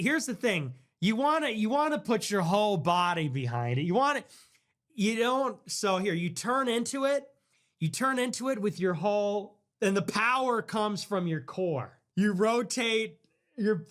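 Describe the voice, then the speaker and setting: A young man hosting a livestream, ranting casually in a sarcastic, mocking, profane way, jumping between squeaky mock voices and low mutters. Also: a bit bright. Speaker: livestream host.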